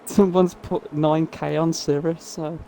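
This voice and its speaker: A man with a slightly hoarse voice giving casual, jokey live sim racing commentary and reading out chat messages. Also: on the high side, measured pace. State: voice a bit off, hoarse. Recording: steady background noise.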